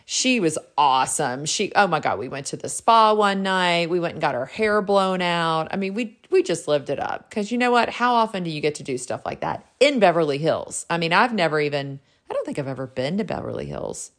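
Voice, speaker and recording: A woman's voice: on the low side, big pitch swings, brisk, hardly any pauses. A middle-aged woman, a realtor hosting her own show, telling a casual story in a bubbly, gushing way full of "like.". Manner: bubbly and gushing, heavy use of "like". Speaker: realtor and podcast host.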